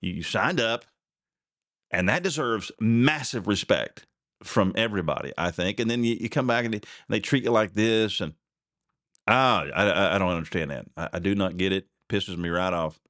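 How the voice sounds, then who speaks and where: A man's voice: lowish voice, moderate pace, a bit bright, no room sound, studio quality. A man hosting a solo commentary podcast, rambling and indignant, his voice jumping up sharply when he gets outraged. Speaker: podcast host. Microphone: desk mic with a censor button.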